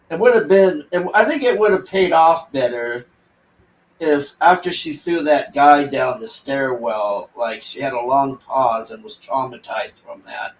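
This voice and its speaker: A man's voice: a little high, distant mic. A man rambling through a casual movie review, exasperated and sarcastic, mocking the characters as he talks. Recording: echoey room, voice off-mic.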